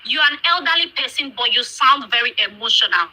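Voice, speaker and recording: A woman from Nigeria hosting a live chat, bluntly rebutting callers with slang and fast repetition. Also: a little high, lively intonation, pushed and bright, low-quality recording. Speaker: host of a live audio chat.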